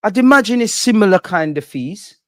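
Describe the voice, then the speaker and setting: Fan-channel host, young man, animated and exasperated, high-pitched, dry. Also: a little fast, dry recording. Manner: animated, profane, exasperated ranting. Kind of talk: ranting fan commentary.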